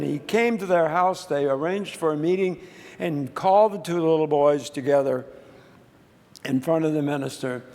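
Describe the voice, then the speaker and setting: A man's voice: a little high, darkish tone. A man preaching a sermon, telling a story with frequent restarts and fillers. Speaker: pastor. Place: church sanctuary. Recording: long church reverb.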